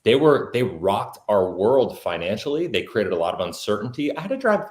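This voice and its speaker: Low-voiced earnest man in a roomy space. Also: sing-song, normal speed, darkish tone. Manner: earnest, many fillers like "like". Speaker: podcast guest, entrepreneur. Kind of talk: personal storytelling in an interview.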